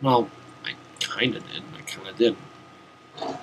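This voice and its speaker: A man's voice: on the low side, slow pace, background noise. A young man giving casual, rambling commentary while playing a video game, swearing now and then, talking to himself and sounding a bit tired. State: tired, yawning. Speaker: VTuber game streamer. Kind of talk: casual let's-play commentary. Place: home room, seated at a desk.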